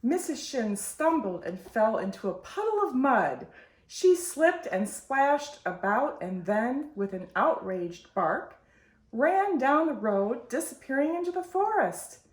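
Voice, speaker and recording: Slow, expressive woman reading a picture book. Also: high voice. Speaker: storytime host. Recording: roomy echo.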